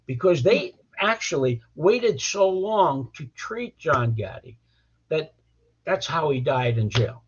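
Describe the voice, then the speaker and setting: An older man who works as a criminal defense lawyer recounts stories bluntly in an interview, his voice on the high side, animated, slow, and breathy. Sentences often open with repeated words, and the recording is dull lo-fi.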